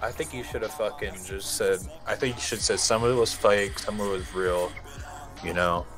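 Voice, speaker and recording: A man's voice: lowish voice, fairly even intonation, brisk, fairly bright tone. A young man co-hosting a casual podcast, laid-back and swearing freely. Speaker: podcast co-host. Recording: faint music behind the talk. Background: faint music.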